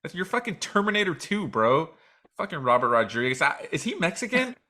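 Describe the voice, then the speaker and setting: A man's voice: on the high side, very animated, brisk, sharp tone. A man co-hosting a casual podcast, delivering a heated, profanity-heavy comic rant. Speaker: podcast co-host.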